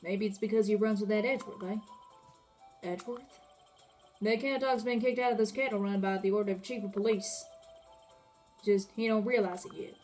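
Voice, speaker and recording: A woman's voice: medium pitch, steady tone, normal speed, long pauses, a little mellow, faint music behind, natural voice. Cowboy cop guy voiced by a lady, texan drawl, full of homespun sayings. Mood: swaggering. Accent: put-on Texan cowboy drawl. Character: swaggering cowboy police officer, man, folksy.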